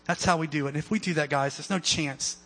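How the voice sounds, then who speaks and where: Male pastor, fairly high bright voice, chatty sermon delivery, acts out the characters. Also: steady tone, fast talker. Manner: casual, conversational preaching with many fillers, acting out quoted voices.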